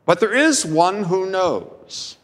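A man preaching a sermon as a pastor, slow and deliberate, with dramatic pauses. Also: high voice, lively intonation, in a large hall.

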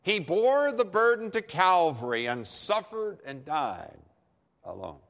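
A man preaches with a lively, swooping delivery, his voice rising and falling widely from phrase to phrase. He takes his time, leaning on slow, deliberate pacing and repeated phrases for emphasis. A long reverberant tail hangs after his words, as in a large hall. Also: sits high, creaky. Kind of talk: sermon.

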